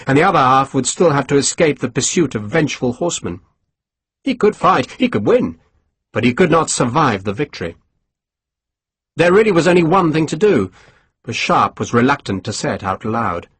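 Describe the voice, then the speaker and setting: A man reading an audiobook in a measured, expressive storytelling manner. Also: mid-range voice, husky. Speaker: audiobook narrator. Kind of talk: scripted narration.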